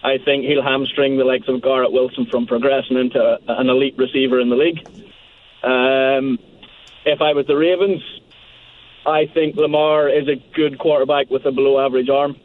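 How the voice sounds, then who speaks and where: A man's voice: medium pitch, flat delivery, moderate pace. Hesitant male caller on a tinny phone line. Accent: non-American. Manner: hesitant, lots of ums. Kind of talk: call-in radio talk.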